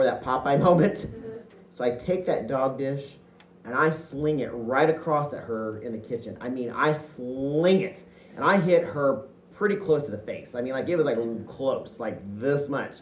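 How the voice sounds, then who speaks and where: A man from Indiana performing a one-man show, telling funny childhood stories in a chatty, animated way. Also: mid-range voice, moderate pace. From Indiana, USA. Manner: chatty, animated, with self-amused laughs. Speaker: solo stage performer. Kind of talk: comic storytelling monologue. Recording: echoey hall, distant mic.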